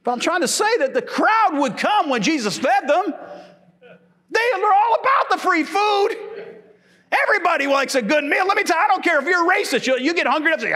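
A middle-aged man preaches from the pulpit, telling funny stories with an animated, playful delivery. His voice sits high and leaps all over the place. The pitch swings widely, and he laughs freely between his points. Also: a little fast. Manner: animated, humorous storytelling preaching, laughs often. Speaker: pastor. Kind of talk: sermon. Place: church.

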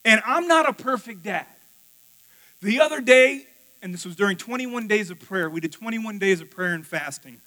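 A male pastor preaching a sermon, telling a candid personal story, swinging from loud outbursts to hushed, quiet passages. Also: high-pitched, expressive, normal speed.

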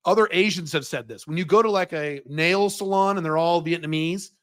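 A man's voice: fairly high pitch, brisk, fairly bright tone. An American man hosting a Q&A stream, bluntly answering viewer questions with profanity and mocking impressions. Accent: General American. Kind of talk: livestream Q&A monologue. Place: living in Dubai.

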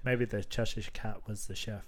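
A man's voice: on the low side, fairly even intonation, normal speed. Aussie guy cracking jokes on a podcast, mic right up close. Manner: joking, playful banter. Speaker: podcast co-host. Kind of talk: casual chat. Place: shared room with co-host. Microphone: close mic, breathing into it.

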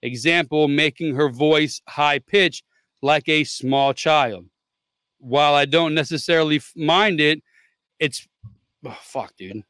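A male podcast host reads a forum post aloud and keeps stumbling on it, cursing at the bad punctuation. His voice sits a bit high and sounds bright and forceful. The recording is close and dry. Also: takes it slowly, clean tone, no echo. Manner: blunt, swears freely, stumbles over the text. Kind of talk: reading a forum post aloud, casual chat.

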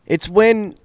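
A man's voice: high-pitched, dry recording. Laid-back, chatty podcast man. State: drunk. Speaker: podcast co-host. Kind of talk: casual chat.

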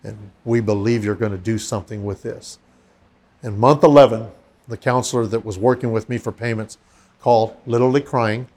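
A man's voice: lowish voice, fairly quick. A man who is a pastor, telling a story in casual conversation and acting out the voices of the people in it. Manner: animated, acts out quoted voices.

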